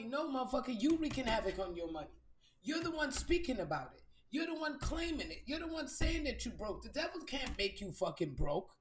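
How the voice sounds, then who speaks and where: A woman's voice: fairly high pitch, very animated, a little fast, slight background noise. A woman hosting a live stream as a spiritual reader, giving a blunt, profane motivational talk and repeating phrases for emphasis. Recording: roomy echo.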